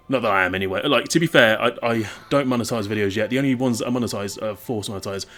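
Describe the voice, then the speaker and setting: A young English man with a southern English accent giving casual, rambling let's-play commentary, self-mocking and quick to swear. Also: lowish voice, a bit bright, soft background music. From English Midlands. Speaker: gaming YouTuber.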